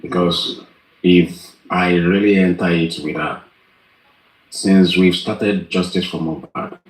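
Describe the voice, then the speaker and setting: A man speaking in a live group talk, earnest and pleading, with slow, deliberate phrasing. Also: sits low, steady tone, roomy sound, poor audio. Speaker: participant.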